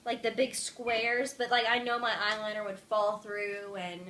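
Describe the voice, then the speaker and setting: A woman's voice: mid-range voice, level tone, a little slow, crowd noise. A young woman talking casually and emphatically in a home vlog, often saying "like". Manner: bubbly, emphatic, says "like" a lot. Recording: faint background noise.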